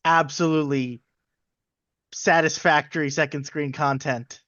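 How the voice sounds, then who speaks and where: A man's voice: a little high, fairly even intonation, measured pace, a bit bright, no room sound. Male co-host, casual and dry-witted, mid voice, muffled lo-fi dry recording. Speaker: podcast co-host. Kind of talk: casual chat.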